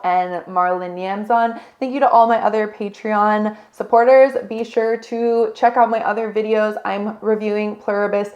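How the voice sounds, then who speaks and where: A woman's voice: mid-range voice, darkish tone, muffled recording. A woman giving a casual, rambling movie review, talking enthusiastically and directly to her viewers. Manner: rambling, restarts, occasional laughs. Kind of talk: casual unstructured chat.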